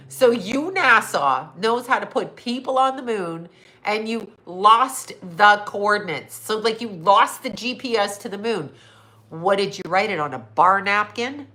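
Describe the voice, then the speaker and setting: A middle-aged woman, a psychic and astrologer, chatting on a livestream in a hoarse, scratchy voice, mocking and sarcastic, laughing often and swearing. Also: mid-range voice, bright, forceful tone. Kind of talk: casual livestream chat.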